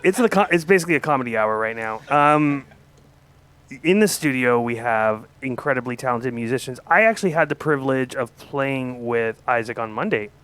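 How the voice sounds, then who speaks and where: A man's voice: mid-range voice, expressive, a little fast, a bit bright, clear, resonant tone. Upbeat joking male show host. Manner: upbeat, joking, hypes the guests. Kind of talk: live studio show hosting, casual banter.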